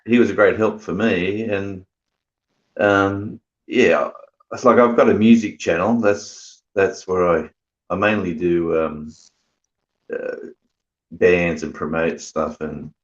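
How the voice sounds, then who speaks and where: A man from Australia with a low voice talks as a guest on a livestream. He speaks haltingly, with many stops and restarts. The audio is dull and lo-fi. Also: steady tone. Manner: hesitant, halting. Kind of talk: casual livestream chat.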